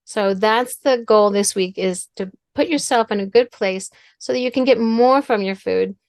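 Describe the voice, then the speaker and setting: A woman's voice: medium pitch, normal speed, dry recording. A middle-aged woman speaks as a guest on a talk show, teaching through a story from her own family life. Her delivery is earnest, and she often repeats words and phrases as she works through a point. The recording is dry and close, with little room sound.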